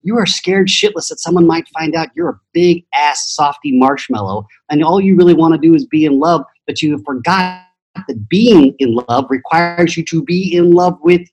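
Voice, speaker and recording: A man's voice: on the high side, normal speed, husky, low-quality recording. A middle-aged man, a podcast guest, telling personal stories in a blunt, profane motivational style. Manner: blunt, profane, acts out voices in quotes. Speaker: podcast guest, transformation teacher. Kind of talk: motivational storytelling.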